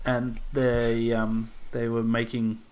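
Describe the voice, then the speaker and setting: A young Australian man co-hosting a podcast, telling everyday stories in a relaxed way with plenty of fillers and hesitations. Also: medium pitch, takes it slowly, clean tone. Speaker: podcast co-host. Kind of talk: casual chat.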